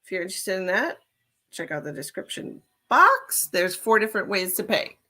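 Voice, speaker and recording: A woman's voice: mid-range voice, very animated, normal speed, bright, forceful tone. A woman giving live-stream tarot readings, chatting with viewers and calling them honey and darling. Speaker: tarot reader.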